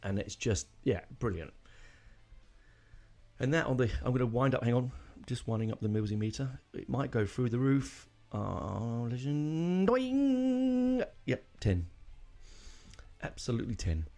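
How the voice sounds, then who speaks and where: A man's voice: medium pitch, moderate pace, gravelly, a little mellow. A man hosting a podcast, talking casually and emotionally, rambling with lots of fillers and restarts. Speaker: podcast host. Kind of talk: casual solo podcast talk.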